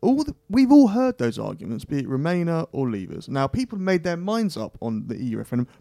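A man presenting a panel discussion, asking quick, challenging questions. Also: fairly high pitch, wildly swooping pitch, vocal fry, warm tone, no room sound, clean studio sound.

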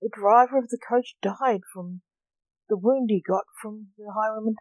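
Woman reading a stern sensible gentleman. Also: mid-range voice, moderate pace, no echo, natural voice, poor audio. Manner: stern, questioning.

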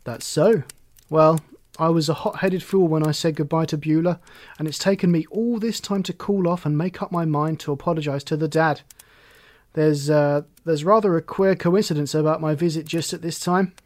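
An eager young man talks with lively emphasis and a slightly raised pitch, voiced by a male audiobook reader. He sounds earnest and sincere. The recording is dry and close. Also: moderate pace, dry recording, close to an everyday voice.

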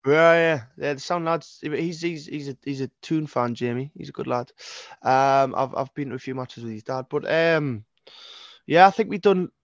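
A Geordie singer-songwriter in his twenties, from North East England, chats as an interview guest. He rambles, swears, and often restarts his sentences. His voice is medium-pitched at a normal speed, and the recording is muffled with no echo.

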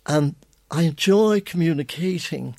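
A man's voice: a little high, animated, measured pace, gravelly, warm tone, no room sound, studio quality. An older man with an Irish accent, a guest on a radio show, telling rambling anecdotes full of restarts. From Ireland. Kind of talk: radio interview.

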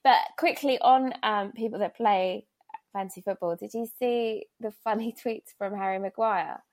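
A woman's voice: medium pitch, moderate pace, darkish tone. A woman co-hosting a casual football podcast, giggly, with dry teasing humor. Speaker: podcast co-host. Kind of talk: casual chat.

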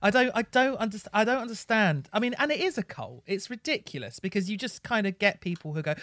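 A man co-hosting a casual music review chat, blunt, sweary and mocking, breaking into excited rants. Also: sits high, fast, few pauses, no room sound, clean studio sound. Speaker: podcast co-host.

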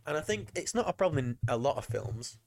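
A man's voice: medium pitch, fairly quick, vocal fry, no room sound. A man co-hosting a casual film podcast, ranting and mocking the film as he drinks, with the hiccups. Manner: animated, swearing, mocking voices in quotes. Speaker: podcast co-host. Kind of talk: casual film commentary chat.

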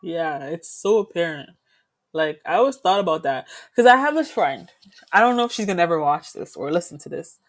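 A woman's voice: lowish voice, sing-song, fairly quick. Giggly, chatty female co-host. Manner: giggly and chatty, laughs often. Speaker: podcast co-host. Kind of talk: casual chat.

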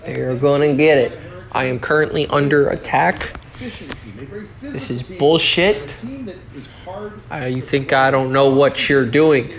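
A man hosting a casual solo podcast, joking around, swearing a lot and breaking into sudden yells. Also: medium pitch, fairly even intonation, slow pace, long pauses. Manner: profane, joking, with sudden yelling outbursts. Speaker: podcast host.

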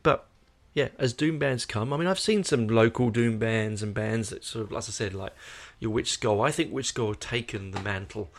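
Tired, gravelly Australian man rambling casually. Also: fairly low pitch, moderate pace, few pauses. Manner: rambling, hesitant, many fillers. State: tired, yawning. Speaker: podcast host. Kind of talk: casual chat to viewers.

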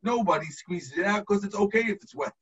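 A rabbi teaches his class over a video call, walking through the text step by step and checking that everyone follows. His voice sits high and husky. The sound is distant and muffled. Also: a little fast, a bit bright. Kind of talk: explaining a text to students.

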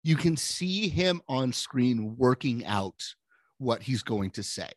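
A man's voice: medium pitch, big pitch swings, slow pace, dry recording. A man co-hosting a casual film podcast, laying out confident, analytical opinions. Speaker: podcast co-host.

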